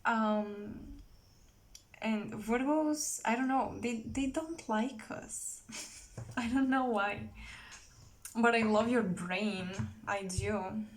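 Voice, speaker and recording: A woman's voice: fairly high pitch, extremely slow. A young woman giving a casual tarot reading, chatty and rambling, with many fillers and self-corrections. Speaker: tarot reader.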